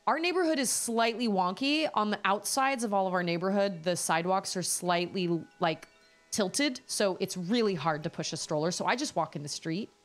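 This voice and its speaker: A woman streamer chatting casually, rambling and animated as she tells a story. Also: mid-range voice, moderate pace. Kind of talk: casual chat.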